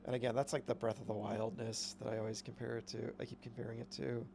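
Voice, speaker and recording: A man's voice: medium pitch, level tone, quick pace, gravelly, noisy background. A man streaming a video game, chatting casually with rambling, upbeat commentary. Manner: rambling, self-correcting, upbeat.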